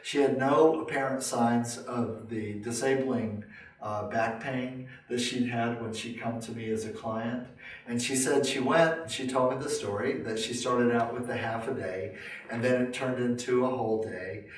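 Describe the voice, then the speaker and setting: A man's voice: medium pitch, steady tone, measured pace. A man lecturing to a class, telling a long story in a rambling way, with many fillers and restarts. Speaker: lecturer and teacher. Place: lecture room. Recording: roomy, distant room mic.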